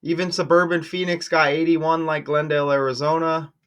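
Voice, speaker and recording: Excitable man talking to his viewers. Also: on the high side, a little fast, smooth. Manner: excitable, exclaims often, talks to viewers directly. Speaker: channel host decoding news numbers. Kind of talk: casual screen-share commentary.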